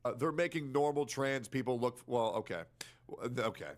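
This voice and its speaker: A man's voice: medium pitch, animated, normal speed. A man in a played clip, rambling through an argument and often asking "right?". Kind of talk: casual podcast argument.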